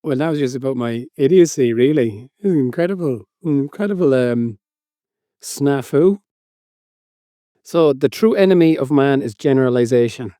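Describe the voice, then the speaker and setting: A man co-hosting a casual podcast with a mellow, relaxed tone, answering in a sheepish, dry, self-deprecating way. The sound is close and dry, with nothing around it. He keeps an easy, mid-range voice. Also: medium pitch, normal speed, no room sound. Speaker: podcast co-host. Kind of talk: casual chat.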